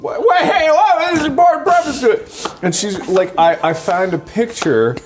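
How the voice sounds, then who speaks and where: A man's voice: very high voice, expressive, normal speed, noisy background. A man co-hosting a podcast in casual chat, joking and swearing, often restarting his sentences. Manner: jokey, swears, trails off and restarts. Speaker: podcast co-host.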